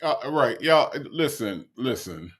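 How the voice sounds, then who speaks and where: A man's voice: medium pitch, slow. A man hosting a casual reaction commentary, talking straight to his viewers and laughing often. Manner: animated, addresses viewers directly, laughs often. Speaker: commentary host.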